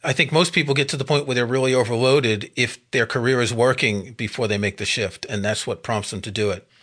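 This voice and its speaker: This man is a podcast host with a mid-pitched voice. He speaks in a calm, measured, conversational way. He mixes questions for his guest with his own remarks. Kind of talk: podcast interview.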